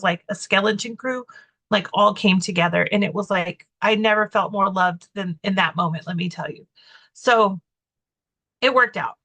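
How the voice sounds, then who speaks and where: Bright-voiced woman podcast co-host. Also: medium pitch. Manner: rambling, full of "like" fillers and restarts; candid and self-mocking. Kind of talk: casual storytelling chat.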